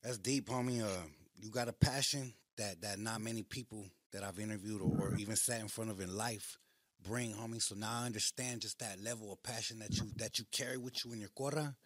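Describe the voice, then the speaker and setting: Laid-back man, low voice. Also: steady tone, fairly quick, a bit bright, dry recording. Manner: laid-back, short supportive replies, street slang. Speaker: podcast host. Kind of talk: casual interview chat. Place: podcast studio.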